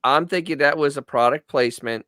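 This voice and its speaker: A man's voice: mid-range voice, fairly quick, a bit bright, no echo, clean studio sound. Groaning male podcast co-host. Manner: groaning, disgusted, exaggerated reactions. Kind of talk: casual chat reacting to radio clips.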